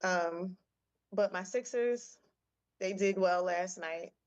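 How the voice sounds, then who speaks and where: Woman co-host, lower register, easygoing chatter, dull lo-fi audio. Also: slow pace. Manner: easygoing, chatty, sports fan talk. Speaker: radio show co-host. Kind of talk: casual chat.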